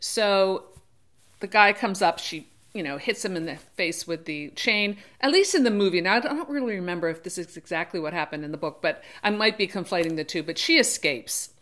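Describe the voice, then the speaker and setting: Briskly and with lively intonation, a woman whose voice is on the low side and a bit bright reviews a book on her own channel. She chats casually, drifts between topics, often corrects herself mid-thought, and gives characters brief quoted voices.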